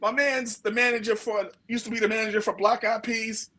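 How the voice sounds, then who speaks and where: Animated New York man telling stories. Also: high voice, a little fast, rough recording. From United States. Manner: slangy and animated, acts out quotes. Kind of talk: casual storytelling.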